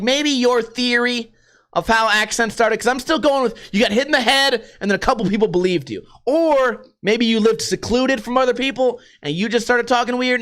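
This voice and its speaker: A man's voice: fairly bright tone, clear, resonant tone. A young man hosting a podcast, ranting in a casual, profane, rambling way. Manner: profane, rambling, swings pitch for emphasis. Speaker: podcast host. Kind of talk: casual rant.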